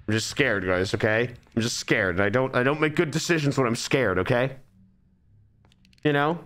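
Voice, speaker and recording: A man's voice: medium pitch, normal speed, a bit bright. A man giving live, nervous, rambling commentary while streaming a game.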